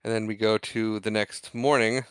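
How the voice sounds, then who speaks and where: A man's voice: lowish voice, flat delivery, clear, resonant tone, no room sound. A man co-hosting a podcast, recapping a film scene by scene in a rambling, casual way and acting out lines of dialogue. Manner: rambling recap with quick acted-out quotes. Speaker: podcast co-host. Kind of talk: casual movie discussion.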